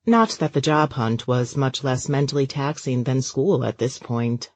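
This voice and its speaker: Audiobook narrator, woman, very low voice, steady and measured. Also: no echo. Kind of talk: scripted narration.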